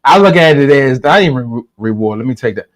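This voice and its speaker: A man's voice: medium pitch, animated, fast. A man who is a father speaking earnestly in a church talk and struggling to find words. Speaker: father figure and mentor.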